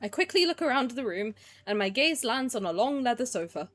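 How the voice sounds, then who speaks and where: A woman's voice: a little high, big pitch swings, fairly quick, a bit bright, soft background music. A young woman streamer chatting casually while playing, sarcastic and swearing freely. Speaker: game streamer. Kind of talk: casual gameplay commentary.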